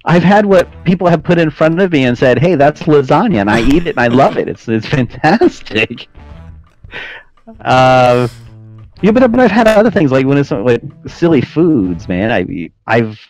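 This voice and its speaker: A man's voice: medium pitch, sing-song, normal speed, a little mellow, faint music behind, poor audio. A man chatting casually as a podcast guest, telling a story with lots of laughing and "dude" and "man". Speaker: podcast guest, flight sim air traffic controller.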